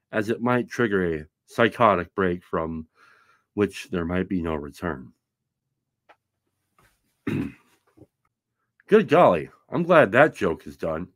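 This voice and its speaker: A man's voice: on the low side, dry recording. A man anchoring a mock news segment, reading written jokes aloud in a mock-serious tone. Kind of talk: scripted comedy news reading.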